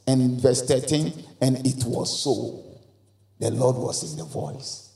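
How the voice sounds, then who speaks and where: A man's voice: high-pitched, slow pace, a little mellow, roomy sound. A man preaching a sermon in a church, with emphatic call-and-response and repeated phrases. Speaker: pastor. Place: church hall.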